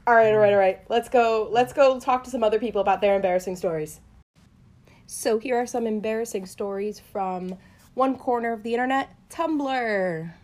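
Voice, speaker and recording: Lively young woman telling stories. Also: on the high side, moderate pace. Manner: animated, laughing storyteller. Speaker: podcast co-host. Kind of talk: casual podcast chat and storytelling.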